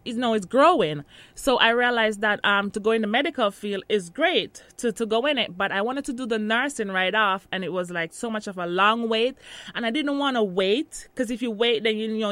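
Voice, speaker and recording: A chatty woman with a Jamaican accent tells her story in a relaxed interview, laughing often and restarting her sentences. Her voice sits at a middle pitch, recorded close and dry with almost no room sound. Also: fairly quick, dry recording. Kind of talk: casual interview.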